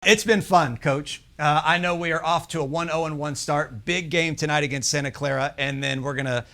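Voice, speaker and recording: Upbeat guy hosting a sports podcast, voice on the higher side, keeps the chat moving. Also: steady tone, a little fast, a bit bright. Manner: upbeat, hypes up his guest. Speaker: podcast host.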